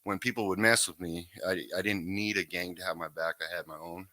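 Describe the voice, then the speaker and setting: A man with a deep, steady voice speaks briskly and sharply in a dry recording. As a guest in a casual interview, he recounts his recovery story in a laid-back, rambling way, saying "you know what I mean" a lot.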